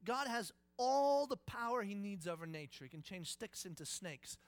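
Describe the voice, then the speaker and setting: A male pastor with a notably high voice delivers a sermon. He tells it like a story, dropping to a hush and then rising loud. He talks directly to his congregation. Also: moderate pace, a little hiss or hum. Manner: dramatic storytelling, swings between hushed and loud. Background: congregation present.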